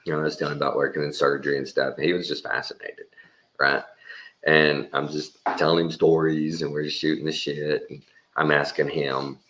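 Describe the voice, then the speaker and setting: A man's voice: rumbling low, little pitch movement, brisk, a bit bright, slight background noise. A man telling a rambling, folksy anecdote in a casual way, sprinkled with mild swearing. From Texas. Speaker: storyteller.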